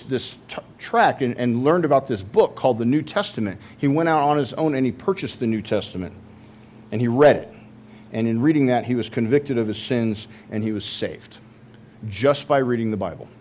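A man's voice: mid-range voice, expressive, normal speed, a little mellow, slight background noise. A man preaching a sermon, telling a story in a conversational way with many fillers and restarts. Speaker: pastor.

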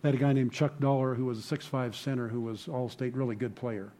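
A man's voice: mid-range voice, fairly even intonation, quick pace, warm tone. A middle-aged man preaching a sermon, telling stories conversationally and building to emphatic points. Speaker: pastor.

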